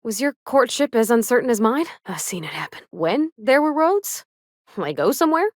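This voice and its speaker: Sweet folksy young engineer gal, bouncy lilt, dry close sound. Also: female voice, fairly high pitch, big pitch swings, moderate pace, no room sound. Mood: sweet, earnest. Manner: folksy homespun drawl, shy and kindly. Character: sweet earnest young woman ship engineer. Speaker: game companion character. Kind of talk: video game voice acting.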